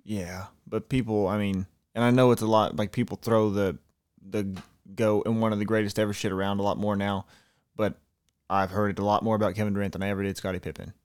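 A man co-hosting a sports podcast, excitable and profane in casual banter. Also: on the low side, fairly quick, smooth, no echo, clean studio sound. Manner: excitable, profane, laughs often. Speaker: podcast co-host.

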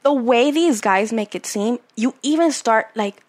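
A woman telling a personal story in a casual chat, animated and swearing a lot as she gets heated. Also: fairly high pitch, measured pace. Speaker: podcast guest telling her story.

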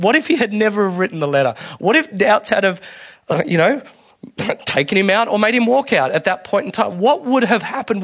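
A man preaching a conversational sermon, candid and colloquial, restarting phrases and swinging between soft and loud. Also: high-pitched. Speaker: pastor.

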